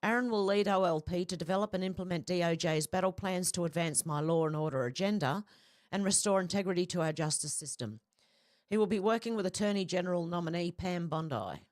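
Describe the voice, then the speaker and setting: A woman's voice: fairly low pitch, fairly quick, darkish tone. An Australian woman hosting casual commentary, chatting and reading out posts with laughs between them. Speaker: host.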